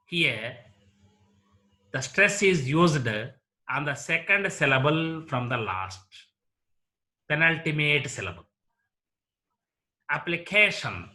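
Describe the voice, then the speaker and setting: Slow, bright-voiced Indian English teacher. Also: male voice, fairly high pitch. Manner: deliberate, repeats example words slowly. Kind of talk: slow explanatory lecture.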